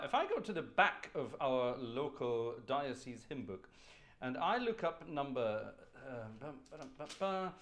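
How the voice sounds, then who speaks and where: A man hosting a live organ concert stream from home, chatting in a genteel, slightly theatrical way. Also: mid-range voice. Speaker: organist and livestream host. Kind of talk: casual live-stream chat. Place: warm room at home with an organ.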